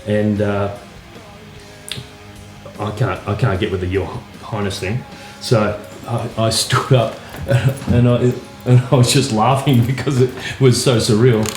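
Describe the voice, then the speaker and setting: A man, a guitarist telling anecdotes in a relaxed, casual way with plenty of fillers. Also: on the low side, unhurried. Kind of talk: casual interview storytelling. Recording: roomy echo, faint music.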